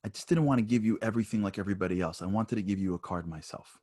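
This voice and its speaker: A bashful little boy stammers out a soft apology for his homemade card, quoted by a husky-voiced man telling a story. The voice stays quiet and hesitant throughout. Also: lowish voice, rapid-fire, dry recording, close to an everyday voice. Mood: sheepish. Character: shy four-year-old boy, sheepish and apologetic.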